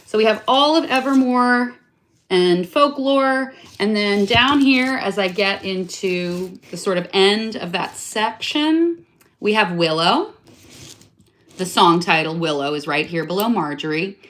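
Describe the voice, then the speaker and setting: A woman's voice: medium pitch, lively intonation, unhurried, a bit bright. A young adult woman showing off a craft project in a casual vlog, chatty and rambling, often correcting herself mid-sentence, playfully self-mocking. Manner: enthusiastic and self-mocking about her detail. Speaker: craft vlogger. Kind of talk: casual show-and-tell.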